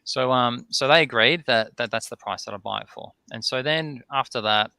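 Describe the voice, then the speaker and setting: A man's voice: medium pitch, normal speed, vocal fry, sharp tone, clear, resonant tone, no echo. A man, a distillery owner, telling a long anecdote on a podcast, acting out both sides of old conversations and ending many sentences with "right?". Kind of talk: casual storytelling in a podcast interview.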